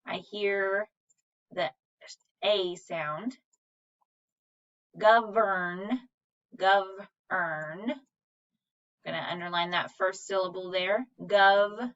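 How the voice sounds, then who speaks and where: A woman's voice: mid-range voice, very slow, pauses often, fairly bright tone. A woman teacher giving a recorded reading lesson, patiently sounding out words syllable by syllable. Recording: dull, slightly distant recording.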